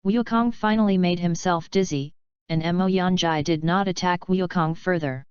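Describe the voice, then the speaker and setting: A woman narrating a fanfiction audiobook in a steady, even storytelling read. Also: on the low side, normal speed, clear, resonant tone, dry recording. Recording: slightly dull, lo-fi dry sound.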